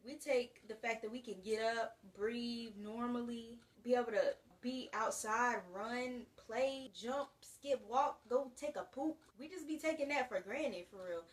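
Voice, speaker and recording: A 19-year-old woman from the US talks straight to camera in a loose, slangy monologue. Her voice sits a little high, and she jumps between loud and quiet in an animated way. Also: a little slow, few pauses, far from the mic. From United States. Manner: animated, slangy and chatty, with big swings in loudness. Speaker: vlogger.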